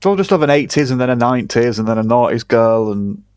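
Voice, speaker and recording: A blunt, sweary man with an English accent, chatting as a guest on a wrestling talk show. His voice sits at a middling pitch. The mic is close and completely dry. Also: animated, fast talker, a little mellow, clear, resonant tone, no room sound. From England. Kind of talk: casual wrestling chat.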